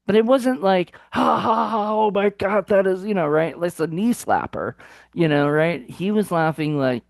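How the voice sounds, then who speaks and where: A man's voice: a little high, no echo. Dry-sounding rambling male reviewer. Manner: rambling, lots of fillers and restarts. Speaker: film review co-host. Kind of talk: casual chat.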